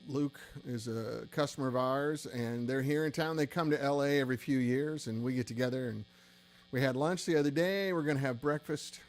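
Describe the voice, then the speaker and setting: A man's voice: mid-range voice, a little fast. A tired, middle-aged man hosting a casual gear-shop livestream, chatty and rambling with self-deprecating asides.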